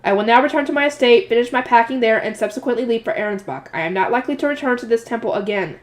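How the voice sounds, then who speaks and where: A woman reading a light novel aloud, voicing a stern, formal noble man who was once a high priest, with clipped, commanding lines. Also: rapid-fire.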